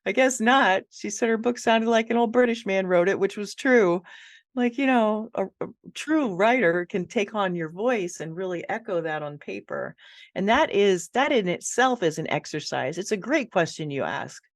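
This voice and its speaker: A woman guest on a podcast, telling animated stories about her writing work and laughing easily. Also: mid-range voice, normal speed, no echo, studio quality. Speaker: ghostwriter guest. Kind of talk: casual interview chat.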